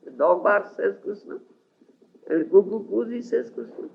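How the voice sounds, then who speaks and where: A spiritual teacher from India delivers a scripture lecture in a lecture hall, his male voice high and gravelly at a normal pace. He's animated and keeps asking listeners whether they follow. The recording is dull lo-fi archival tape with faint hiss.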